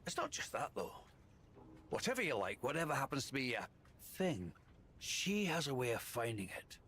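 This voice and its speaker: A man's voice: mid-range voice, very animated, normal speed, a bit bright, breathy edge. An actor voicing a guarded, earnest man in a video game. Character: guarded regular man talking about a phone line.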